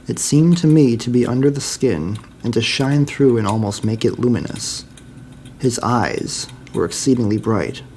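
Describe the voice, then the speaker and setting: Male storyteller, dark and gravelly, measured dramatic reading of a ghost story. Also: medium pitch, slight background noise. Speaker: library staff reader.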